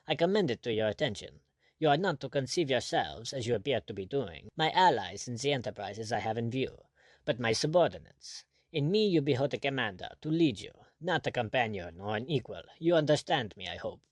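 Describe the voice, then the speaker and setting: A man's voice: mid-range voice, expressive, brisk, dry recording, close to an everyday voice. A man reading the part of a haughty, irate French general with a bullying, imperious manner.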